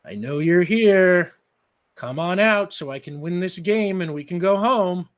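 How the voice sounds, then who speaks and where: A man's voice: on the high side, animated, unhurried, pitched above the performer's own voice. A man voicing a reluctant, patient eighteen-year-old boy looking after his little sister in a tabletop game. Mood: coaxing. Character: weary teenage boy, about eighteen, indulgent big brother.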